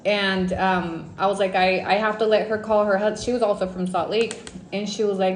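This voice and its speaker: A woman from Mexico telling a personal story in a casual, animated livestream storytime, dropping in Spanish words. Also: medium pitch, moderate pace, echoey room. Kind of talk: casual storytime on a live stream.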